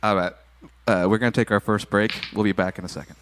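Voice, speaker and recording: A man hosting a casual podcast chat, playful and quick to laugh. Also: lowish voice, steady tone, a bit bright, a little hiss or hum. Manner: laughing, playful, trying out a mock accent. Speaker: podcast host.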